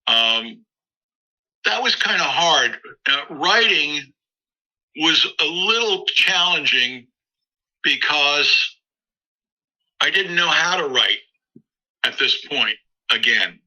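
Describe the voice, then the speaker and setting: Bright-voiced man telling a rambling story. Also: a little high, expressive, slow, long pauses, poor audio. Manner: rambling anecdotal, frequent restarts and acted quotes. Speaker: musician guest. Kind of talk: interview storytelling.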